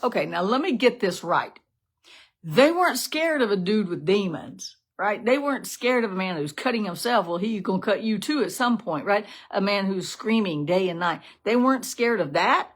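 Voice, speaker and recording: A woman giving a casual, animated devotional talk, asking lots of rhetorical questions. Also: mid-range voice, normal speed, hardly any pauses. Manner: animated, conversational, laughs often, many rhetorical "right?". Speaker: devotional teacher.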